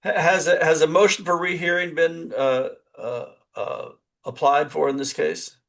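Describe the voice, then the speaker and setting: A man, a professor, interviewing in a webinar, halting with many uh's and restarts. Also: a little high, steady tone, gravelly, fairly bright tone.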